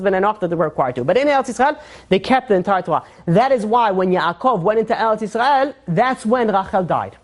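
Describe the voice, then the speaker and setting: A woman with a Brooklyn Jewish accent teaching an informal Torah class, conversational and full of restarts and fillers. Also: mid-range voice.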